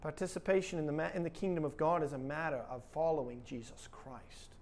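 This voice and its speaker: A man's voice: fairly high pitch, fairly quick, a little mellow, a little hiss or hum. A male pastor preaching a sermon with emphatic delivery and rhetorical questions.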